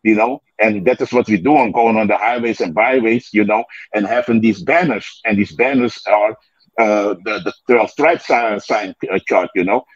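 A man's voice: fairly low pitch, normal speed, no echo. A man in a casual religious discussion who preaches, filling his talk with "man" and "you know.". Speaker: participant in a scripture study session. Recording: dull lo-fi audio.

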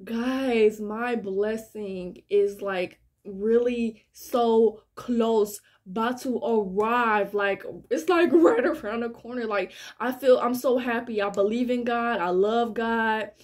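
A woman's voice: a little high, slow pace, hardly any pauses. A woman, talking casually and earnestly to her viewers about faith, repeating herself as she preaches. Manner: earnest, repetitive, heartfelt preaching. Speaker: spiritual vlogger. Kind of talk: casual spiritual monologue to viewers.

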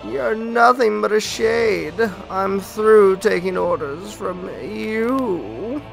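A man's voice: sits high, very slow, creaky, fairly bright tone, faint music behind, pitched above the performer's own voice, full character voice, poor audio. A man reading the lines of a scheming female pirate captain in a game, in a theatrical, imperious way. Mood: defiant. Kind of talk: let's play dialogue reading.

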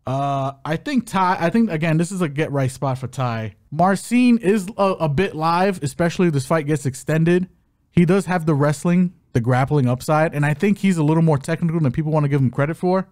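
A man's voice: on the high side, brisk, dry recording, studio quality. Joking, upbeat podcast co-host man. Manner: animated, joking, hype-announcer asides. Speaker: podcast co-host, fight betting analyst. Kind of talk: casual sports betting chat.

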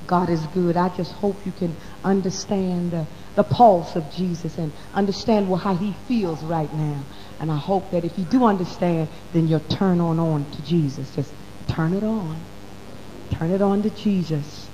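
A woman preaching a sermon to her congregation in church, dropping to a hush and then rising loud, calling her listeners baby and honey. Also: lowish voice, moderate pace, big-room sound, low-quality recording. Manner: swoops from hushed to loud. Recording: faint hum on an old recording.

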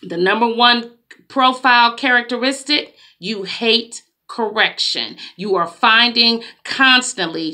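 Woman preacher, slow deliberate delivery, bright, emphatic, talks straight to her listeners. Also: mid-range voice. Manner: slow, emphatic, conversational preaching with dramatic asides. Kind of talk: preaching monologue.

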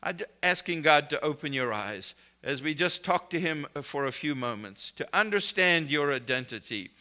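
A man's voice: a little high, animated, normal speed, bright, forceful tone. A man preaching a recorded sermon in an emphatic, declarative way, speaking blessings and prayers over his listeners.

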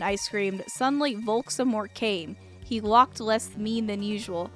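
A woman's voice: medium pitch, moderate pace, few pauses, fairly bright tone, faint music behind. A woman streamer reading a fan fiction aloud, breaking off for dry, mocking asides. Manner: dry, mocking asides between read passages.

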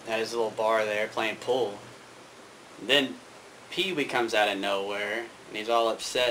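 A man's voice: lowish voice, a bit bright, slight background noise, rough recording. Rambling man telling a story. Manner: rambling, with fillers and restarts. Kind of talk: casual spoken anecdote.

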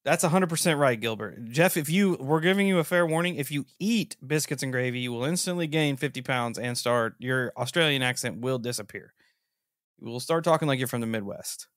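A man hosting a podcast in casual chat, teasing and incredulous, with lots of animated reactions. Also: mid-range voice, fairly quick, dry recording, studio quality. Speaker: podcast host.

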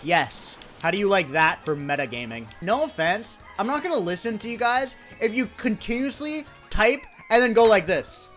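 A young man from India, streaming and chatting casually with his viewers in an excitable, joking, swear-heavy way. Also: high-pitched, moderate pace, hardly any pauses, soft background music. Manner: animated, excitable, swears, jokes with chat. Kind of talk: casual livestream chat.

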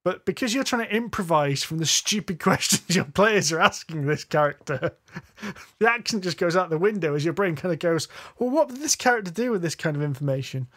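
A man's voice: sits high, lively intonation, brisk, fairly bright tone. A man, co-host of a tabletop gaming podcast, chatting casually and often correcting himself mid-sentence. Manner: rambling, self-correcting, goes off on tangents. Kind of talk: casual chat about tabletop games. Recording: podcast audio.

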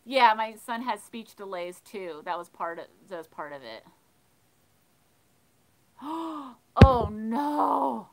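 A woman hosting a livestream, casually telling funny stories and reading chat, animated and laughing. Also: a little high, slow pace, long pauses, low-quality recording. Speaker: livestream host of a thrifting channel. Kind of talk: casual storytelling while reading live chat.

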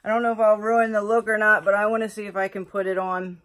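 A woman's voice: mid-range voice, fast talker. A woman beauty vlogger chatting casually through an unboxing, gushing and exclaiming over the products. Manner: gushing, excitable, lots of exclamations.

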